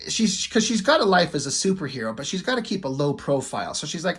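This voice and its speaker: Rambling husky-voiced guy recapping a comic. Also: a little high, big pitch swings, fast, hardly any pauses, fairly bright tone. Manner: rambling, filler-heavy, swears freely. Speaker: comic book reviewer.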